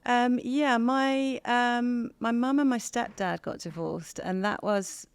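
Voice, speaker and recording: English woman guest, low smooth voice with fry, candid and reflective, dry close mic. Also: no echo. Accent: northern English over a southern English base. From England. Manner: candid, thoughtful, many ums and pauses. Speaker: podcast guest. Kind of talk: reflective interview conversation.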